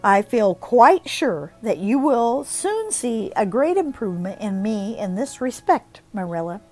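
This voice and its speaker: A woman's voice: fairly high pitch, sing-song, a little slow, darkish tone, faint music behind. A woman voicing a spirited, imaginative teenage girl who talks earnestly and expressively.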